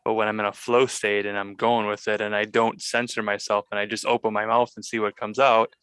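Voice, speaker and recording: Bright, crisp Midwestern man. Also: fairly low pitch, level tone, no room sound. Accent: Midwestern American. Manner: slow, deliberate enunciation. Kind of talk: casual chat.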